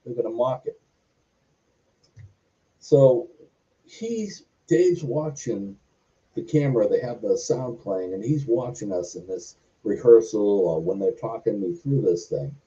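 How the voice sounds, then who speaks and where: Dark-voiced storyteller. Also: male voice, lowish voice, animated, unhurried. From Boston, US. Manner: goes off on tangents, acts out quoted dialogue. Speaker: guest, former wrestler and stuntman. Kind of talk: rambling anecdotal storytelling. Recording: distant, muffled audio.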